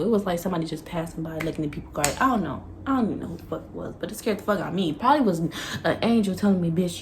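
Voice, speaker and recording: A woman's voice: medium pitch, darkish tone, slight background noise. A young woman telling a candid, profane storytime on her vlog, laughing often and acting out what she said back then. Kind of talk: casual storytime.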